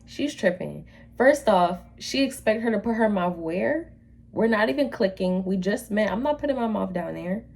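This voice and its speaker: A woman's voice: medium pitch, lively intonation, normal speed, vocal fry, darkish tone. A woman hosting a reaction video, giving blunt, opinionated, slangy commentary on dating stories.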